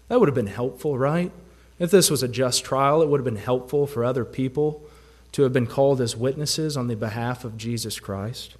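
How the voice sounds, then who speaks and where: A man's voice: mid-range voice, normal speed, slightly rough. Man preaching with rhetorical questions. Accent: American Southern. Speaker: pastor. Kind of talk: sermon.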